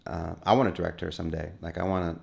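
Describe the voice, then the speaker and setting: A middle-aged man from Wyoming, talking as an actor guest in a relaxed, rambling interview with many restarts. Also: sits low, rapid-fire, creaky. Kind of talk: casual interview conversation.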